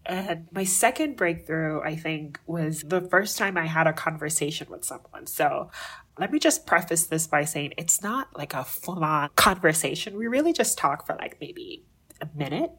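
A young woman with a Jamaican accent, a guest telling stories in an interview, animated and acting out the voices of people she quotes. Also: deep voice, normal speed, breathy edge. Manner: animated, acts out quoted voices, frequent laughter. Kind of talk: storytelling interview.

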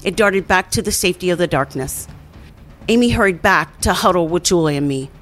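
A woman reading a first-person scary campfire story as scripted narration, at a steady storytelling pace. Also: fairly low pitch, brisk. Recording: faint music underneath.

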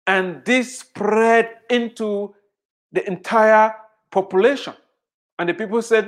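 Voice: mid-range voice, steady tone, slow. A preacher delivering a sermon emphatically, repeating phrases for weight and putting rhetorical questions to the listeners.

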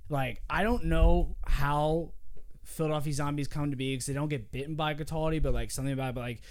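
A man's voice: on the high side, fairly even intonation, a little fast. Man host, casual comic riffing, loose swearing banter. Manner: riffing, swearing, mock voices. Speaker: podcast host. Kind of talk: casual comedic chat.

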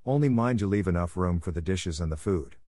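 A man's voice: low voice, animated, brisk, warm tone, dry recording. A man reading aloud and voicing a stern, dry older woman guardian who speaks curtly and sniffs at nonsense. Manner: curt and sniffing.

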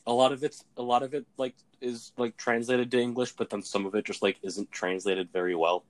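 A man's voice: mid-range voice, fairly even intonation, fairly quick. A young man in casual chat, rambling with lots of filler words. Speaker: conversation partner.

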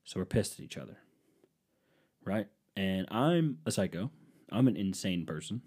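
A man's voice: sits low, lively intonation, normal speed, darkish tone, slightly rough. A man telling a comic personal story in a rambling, profane, self-deprecating way. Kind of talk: casual comedic storytelling.

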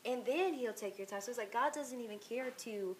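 Blunt, animated woman co-host. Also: on the high side, brisk, slight background noise. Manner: blunt, animated, laughs often. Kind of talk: casual faith talk.

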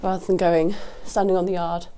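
Outdoors at a windy horse yard, a woman records her rambling solo podcast through a lapel mic on her jacket, wind audible behind her. Sniffly and sick, she keeps it casual and sweary. Her fairly low voice barely moves in pitch, runs a little fast, and sounds mellow, clear and resonant.

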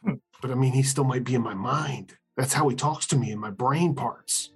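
A man's voice: medium pitch, moderate pace, slightly rough. Man, tabletop game player, casual chat, rambling, hesitant, faint background music. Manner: rambling, hesitant, laughs often.

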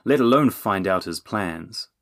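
A man's voice: fairly low pitch, lively intonation, measured pace, dry recording, studio quality. A man voicing an impatient young male outlaw with a grating, demanding way of talking.

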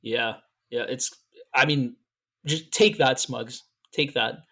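A man's voice: medium pitch, slow pace, pushed and bright. A man co-hosting a podcast in casual chat, telling stories in a playful, teasing way and tripping over his fillers. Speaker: podcast co-host.

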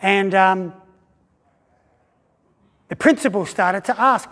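A man preaching a sermon, telling a story in an animated way and acting out the voices of the people in it, with frequent restarts. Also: extremely high pitch. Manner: animated, acts out quoted voices with pauses and restarts. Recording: long hall reverb.

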